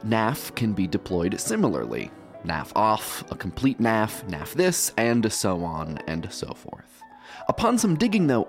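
Wry man narrating a podcast. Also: on the low side. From United States. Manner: wry, playful. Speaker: podcast host.

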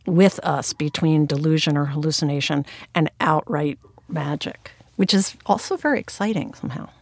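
A woman interviewer with a notably low voice, recorded dry with no room sound. She asks her questions thoughtfully and warms into enthusiasm as she goes. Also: moderate pace, creaky, dry recording. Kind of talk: interview conversation.

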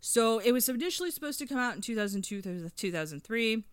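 A woman's voice: on the high side, animated, fast, clean tone, dry recording, studio quality. A woman in her thirties casually chatting on a podcast about music, rambling with lots of fillers and eager storytelling. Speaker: podcast co-host reviewing an album.

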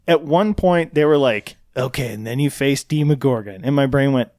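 A man with a mid-range voice talks bluntly and pokes fun at himself during a relaxed talk show. His voice is recorded close and dry. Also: mid-range voice, moderate pace, no room sound. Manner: blunt, self-mocking nerd. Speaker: podcast co-host. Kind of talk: casual chat.

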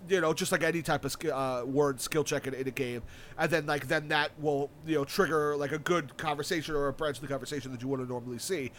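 Rambling young man with a higher voice. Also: fairly bright tone, slight background noise. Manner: rambling, filler-heavy, with frequent restarts and casual swearing; enthusiastic about a video game. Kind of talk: casual chat.

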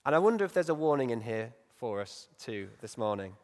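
A male preacher giving a Sunday morning sermon in a reflective, conversational way, growing animated as he acts out Bible stories. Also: mid-range voice, a little fast. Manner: reflective, conversational, lively when acting out stories. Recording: long reverb in a large hall.

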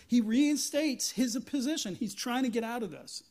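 A man preaching a sermon as pastor, retelling a Bible story in an animated way and often restarting his sentences. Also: extremely high pitch, moderate pace, few pauses. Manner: animated storytelling, acting out biblical figures, frequent restarts.

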